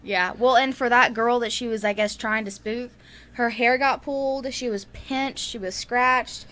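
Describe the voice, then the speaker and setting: A woman's voice: fairly high pitch, steady tone, unhurried, fairly bright tone. A woman with a Southern US accent casually retelling a ghost story on a podcast, rambling with many fillers and frequent laughs. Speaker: podcast co-host.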